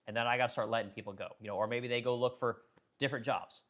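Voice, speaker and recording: Fast and fairly bright, with a steady medium-pitched tone, this middle-aged man runs a business and a livestream. He's fired up and cursing through a political rant, repeating himself and tripping over his words often as he works himself up.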